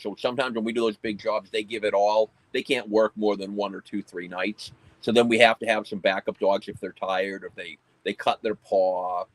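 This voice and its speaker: A man with a lowish voice talks plainly and matter-of-factly about running a pest control business with working dogs. The sound is dry and close, with little room around it. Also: dry recording, low-quality recording. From United States. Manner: plain, matter-of-fact explaining. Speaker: pest control company owner and dog handler. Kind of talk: casual conversational interview.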